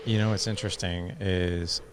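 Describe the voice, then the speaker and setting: Low-voiced man, rambling casual host. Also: steady tone, normal speed, slight background noise. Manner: rambling, restarts often, says "dude" and "like". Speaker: podcast host. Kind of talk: casual conversation.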